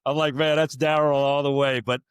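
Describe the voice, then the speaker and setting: A man hosting a podcast, chatting casually and warmly praising his guest with enthusiasm. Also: fairly high pitch, level tone, brisk, clear, resonant tone, no echo. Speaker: podcast host. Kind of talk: casual chat.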